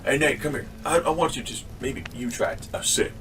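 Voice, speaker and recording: A man's voice: mid-range voice, a little fast, fairly bright tone, distant mic, soft background music, voice pushed up, natural voice. A man voicing a wary, stingy farmer who speaks grudgingly and hesitantly.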